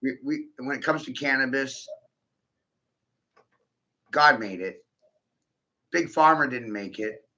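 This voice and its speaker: A man's voice: medium pitch, takes it slowly, pauses often, pushed and bright. A man in a rambling, profane stream-of-consciousness monologue, giggling often and putting questions straight to the listener. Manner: profane, giggly, keeps breaking into laughter; rhetorical, addresses the listener directly. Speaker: vlogger. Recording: dull lo-fi recording.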